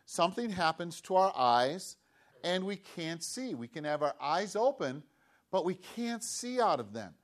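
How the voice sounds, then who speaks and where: A man giving a storytelling sermon to children, animated, acting out the voices of the people in the story. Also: sits high, measured pace.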